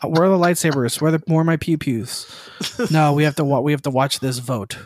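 A man's voice: fairly high pitch, fairly quick, darkish tone, a little hiss or hum. Profane, rambling man on a podcast. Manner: profane, rambling, laughs often. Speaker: podcast co-host. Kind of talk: casual podcast chat.

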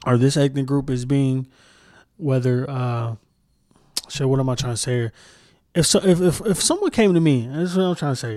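On a solo podcast, a male host rants heatedly with heavy profanity, repeating himself and often restarting sentences as he hunts for words. His voice is mid-range with a darkish tone, and the recording is dry and studio quality.

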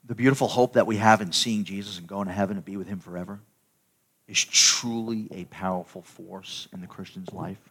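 This middle-aged male pastor's voice sits low, a bit bright with a breathy edge, fairly even in intonation and a little fast. His sermon unfolds loosely and conversationally, full of stories and repeated or restarted words.

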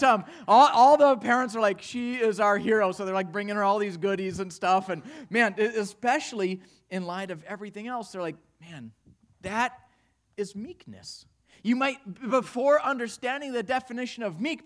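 A man preaching a sermon, telling stories with animated swings between hushed and loud delivery. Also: sits high. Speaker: pastor.

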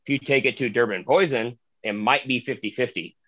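A man's voice: mid-range voice, fairly quick, fairly bright tone, dry recording. Joking man guest on a podcast, dry lo-fi sound. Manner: joking, exasperated swearing. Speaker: guest grower and teacher. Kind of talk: casual chat.

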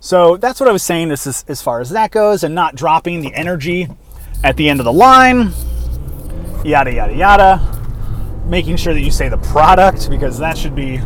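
A man's voice: a little high, lively intonation, normal speed, a bit bright. A man in his thirties, an acting teacher, talking casually and rambling on a solo podcast, tired and yawning. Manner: rambling, self-deprecating, demonstrates ad reads.

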